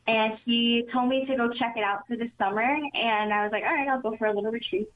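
Earnest young woman, tinny phone-like sound. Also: on the high side. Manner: earnest, quick, often says "super" and "like". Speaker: community member giving testimony. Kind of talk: personal faith testimony.

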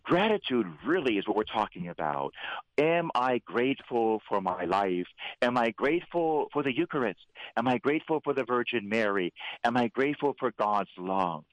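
Male priest, radio host, fervent preacherly delivery, middle pitch, dry close studio sound. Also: normal speed, no room sound, lo-fi sound. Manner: fervent, preacherly, animated when voicing God. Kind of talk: radio talk and prayer.

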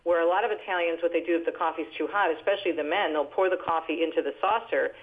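A woman in her sixties, a radio host and author, telling lively family stories as a guest on the phone. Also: fairly low pitch, quick pace. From New Jersey, US. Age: 60s. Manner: lively, animated storyteller with laughs. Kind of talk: phone-in interview, storytelling. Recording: tinny phone line.

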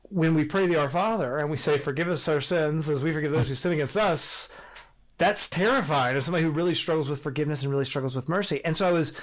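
A middle-aged man chatting on a faith podcast, his voice sitting a little high for a man. He tells family stories with lots of laughter, jumping up into animated retellings. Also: fast talker. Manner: animated storyteller, laughs often. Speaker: podcast co-host. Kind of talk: casual faith discussion.

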